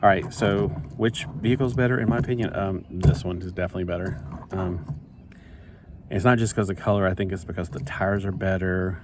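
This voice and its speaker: A man with a very low, deep voice rambles along in a chatty, self-interrupting way as he builds a toy set. A steady noise runs behind him throughout the recording. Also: fairly quick. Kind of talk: casual chat while building.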